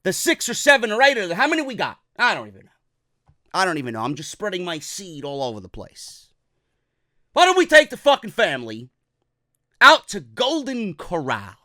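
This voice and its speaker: A man's voice: high-pitched, huge pitch swings, normal speed, pushed and bright, full character voice. A man imitating a pushy, demanding family man who curses and insists. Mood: bossy.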